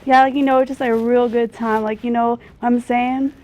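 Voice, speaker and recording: A woman's voice: fairly high pitch, flat delivery, fairly quick, darkish tone, lightly acted, poor audio. A woman playing a spacey, slacker young pop star in a comedy sketch, rambling in a laid-back, slangy drawl. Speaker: celebrity guest parody.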